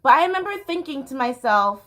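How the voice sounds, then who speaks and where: A woman's voice: high-pitched, lively intonation, brisk, sharp tone. A woman in her thirties, a dance teacher, telling personal stories in a candid, rambling way, full of fillers and restarts. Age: 30s. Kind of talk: personal storytelling vlog.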